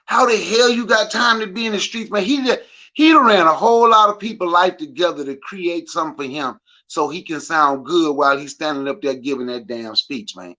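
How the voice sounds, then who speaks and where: A man's voice: fairly high pitch, brisk, bright, forceful tone, poor audio. A man co-hosting a casual chat, reacting with incredulous, mocking disbelief.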